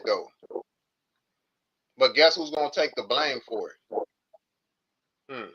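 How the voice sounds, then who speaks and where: A man hosting a livestream, talking in a heated, profane, animated rant. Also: medium pitch, slow, breathy edge, highs cut off. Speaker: livestream host. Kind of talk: heated casual chat.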